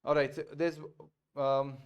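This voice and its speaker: A man with an Indian English accent teaching a beginner French class over a video call, patient, repeating phrases slowly and switching between French and English. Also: mid-range voice, little pitch movement, lo-fi sound.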